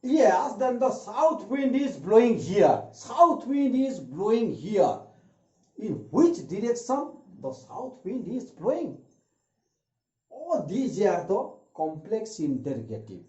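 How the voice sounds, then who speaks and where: A man teaching an English grammar lesson, repeating each example sentence slowly. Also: high-pitched, very animated, warm tone. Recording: echoey room, dull lo-fi sound.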